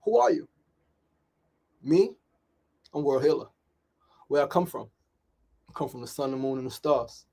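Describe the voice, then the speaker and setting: This host's voice is medium-pitched, mellow and creaky, animated but unhurried, with frequent pauses. He is a middle-aged New Yorker on a motivational daily talk show who speaks emphatically, repeats himself and keeps asking "right?".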